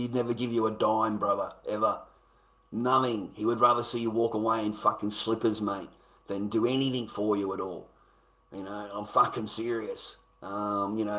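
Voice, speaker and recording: Rambling, swearing Australian man. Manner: profane, repetitive, swings between loud rants and low mutters. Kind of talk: rambling monologue to viewers.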